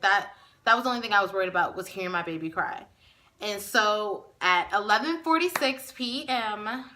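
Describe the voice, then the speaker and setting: A young woman vlogger telling a personal story to camera in a chatty way, often pausing on fillers and close to tears. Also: medium pitch, pushed and bright. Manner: chatty, with many fillers and restarts; emotional, near tears.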